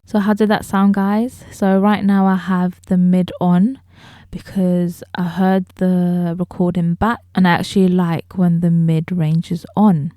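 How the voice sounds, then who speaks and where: A woman talking straight to her viewers as she reviews a microphone, explaining each feature clearly, recorded close on a studio mic in a room at home. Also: on the low side, level tone, measured pace, mellow, dry recording. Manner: explanatory, addresses viewers directly. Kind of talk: casual product review. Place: indoor room. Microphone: close studio dynamic microphone.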